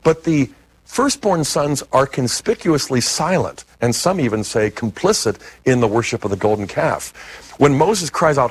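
A man's voice: medium pitch, moderate pace, slightly rough. A man speaking as a guest in an interview, explaining biblical history in an emphatic teaching manner. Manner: animated, emphatic teaching delivery.

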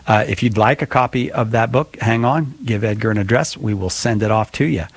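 A man's voice: on the low side, brisk, breathy edge, no room sound. A man hosting a call-in radio show, greeting callers by name in a friendly, jokey way.

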